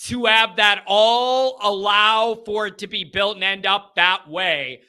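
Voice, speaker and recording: Guy hosting a college football show, high voice, talks casual, sarcastic and emphatic. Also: unhurried, hardly any pauses, pushed and bright, clear, resonant tone. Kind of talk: casual sports commentary.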